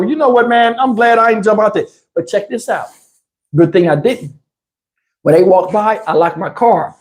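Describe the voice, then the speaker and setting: A man telling stories on his live stream, in a casual, animated way with crude slang and frequent laughter, through a lapel mic. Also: sits high. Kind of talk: casual anecdotal storytelling. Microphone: wireless lapel mic.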